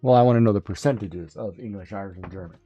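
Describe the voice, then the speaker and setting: A man's voice: lowish voice, fast, dark tone, dull audio. A man in casual chat who tells stories, acts out voices and laughs often.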